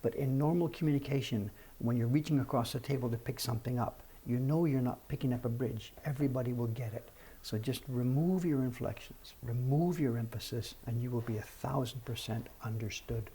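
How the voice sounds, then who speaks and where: Gravelly older man in his seventies. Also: mid-range voice, fairly quick, dark tone, a little hiss or hum. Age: 70s. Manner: frank, self-deprecating, practical. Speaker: livestream host. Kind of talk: casual livestream chat answering viewers.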